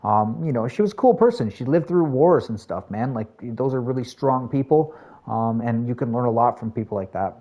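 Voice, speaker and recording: A man streaming a shooter game, chatting casually with his viewers in a rambling, filler-heavy way that jumps to excited highs. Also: brisk, highs cut off. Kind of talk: casual live-stream gameplay chat.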